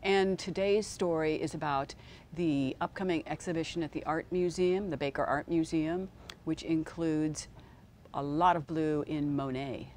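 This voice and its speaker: A woman features and arts writer giving a relaxed update on her stories. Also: low voice, a little slow, a little hiss or hum.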